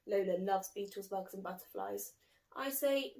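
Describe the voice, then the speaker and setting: A woman reading a children's picture book aloud in an expressive, lively way. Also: medium pitch, moderate pace. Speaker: storybook reader.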